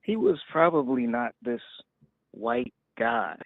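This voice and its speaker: A man's voice: mid-range voice, sing-song, slow pace, gravelly, no echo. A male caller from Arizona, a military veteran, talking hesitantly with stammers and nervous laughs. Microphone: phone call. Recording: tinny dry phone line.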